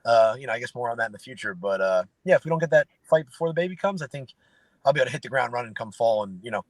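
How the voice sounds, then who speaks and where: A guest fighter in his late twenties tells easygoing stories with fillers in a casual interview chat, relaxed throughout. His mid-range voice comes rapid-fire, on a rough recording with no echo.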